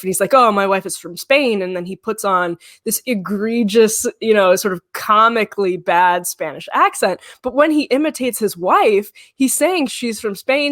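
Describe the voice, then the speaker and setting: A woman co-hosting a casual political chat, speaking quickly and emphatically. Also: medium pitch, no room sound, clean studio sound. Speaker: culture editor, co-host.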